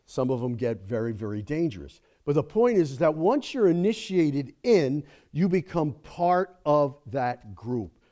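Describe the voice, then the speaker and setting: Mellow-voiced man preaching conversationally. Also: fairly high pitch, very animated, a little slow, hardly any pauses. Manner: conversational, rising to emphatic preaching with frequent "okay?" and "right?". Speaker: guest preacher. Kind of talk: sermon.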